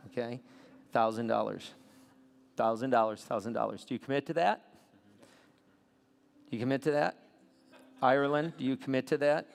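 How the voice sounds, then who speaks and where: A man preaching a sermon as a pastor, telling a story with lively swings between soft asides and loud bursts. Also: medium pitch, gravelly. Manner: animated storytelling with sudden loud peaks. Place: church sanctuary. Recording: long hall reverb.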